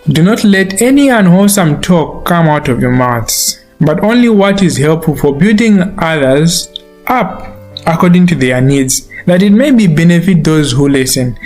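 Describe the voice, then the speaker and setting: A man giving a devotional Bible teaching in an earnest, explaining manner. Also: a little high. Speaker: preacher. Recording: soft guitar music behind.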